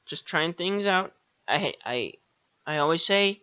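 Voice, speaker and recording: Male podcast host, bright tone, dull lo-fi sound, rambling sarcastic monologue. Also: fairly high pitch, lively intonation, slow, smooth, dry recording. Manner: meandering, sarcastic, swears casually, many fillers.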